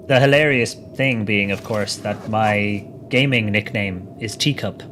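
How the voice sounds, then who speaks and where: Over music, an easygoing Irishman from Dublin provides live commentary on his gameplay, replying to chat and laughing frequently. His lowish, slightly bright voice keeps a measured pace with few pauses, and there's a little hiss or hum on the recording.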